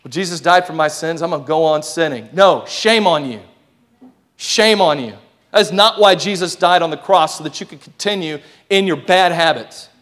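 A youth pastor giving a lively sermon, calling out to his congregation and sometimes shouting. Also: on the high side, normal speed. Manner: lively preaching with call-and-response, sometimes shouting.

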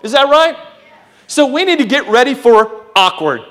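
A youth pastor giving a lively sermon, calling out to his congregation and sometimes shouting. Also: extremely high pitch, moderate pace. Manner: lively preaching with call-and-response, sometimes shouting.

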